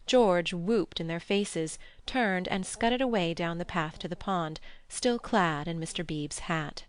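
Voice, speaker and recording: A woman narrating a classic novel as an audiobook, with a measured, expressive reading on a close studio mic. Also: fairly low pitch, clear, resonant tone. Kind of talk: scripted narration.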